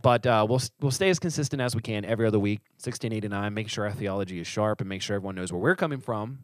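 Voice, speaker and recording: Man, pastor, podcast co-host, fast joking chat, breathing hard, dry close mic. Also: fairly low pitch, no room sound. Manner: joking, quick-talking. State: breathing hard from allergies and asthma. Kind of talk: casual chat. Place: small studio up steep stairs. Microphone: studio mic on a stand.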